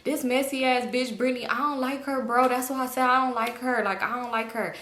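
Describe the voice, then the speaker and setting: A man's voice: very high-pitched, fairly even intonation, a little fast, pushed and bright, reverberant, slight background noise. A woman voicing a pushy, defensive young man with a blunt, grumbling manner, as she retells a story. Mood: annoyed.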